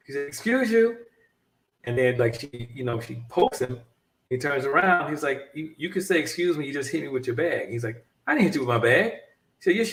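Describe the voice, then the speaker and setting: A man telling a long story in casual chat, animated and rambling, often restarting his sentences. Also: medium pitch, reverberant, distant mic. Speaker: podcast co-host.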